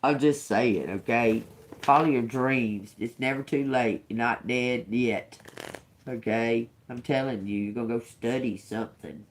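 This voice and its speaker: A woman's voice: extremely low pitch, unhurried, slight background noise. A woman giving a casual livestream tarot reading to her viewers, chatty, laughing often and swearing freely. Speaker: tarot reader.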